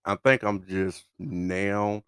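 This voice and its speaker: A man's voice: fairly low pitch, slow, clean tone, no room sound, studio quality. A middle-aged man co-hosting a podcast in casual chat, hesitant and often trailing off. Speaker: podcast co-host.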